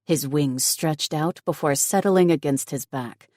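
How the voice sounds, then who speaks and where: A woman narrating an audiobook in steady, even scripted narration. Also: low-pitched, measured pace, no echo, studio quality.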